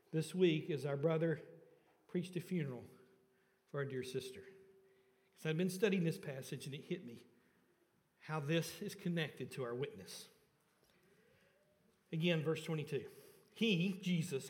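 Guy preaching, pretty high voice, swells up then goes real quiet on the big points, church echo. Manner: rises and falls in pitch and volume for emphasis, dropping low and soft on key points; asks the congregation questions. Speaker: pastor. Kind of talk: sermon. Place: church sanctuary.

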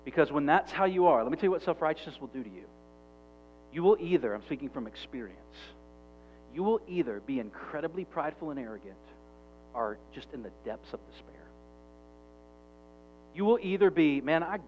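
A man's voice: medium pitch, darkish tone, dull audio. A male pastor preaching a sermon in an emphatic, conversational way.

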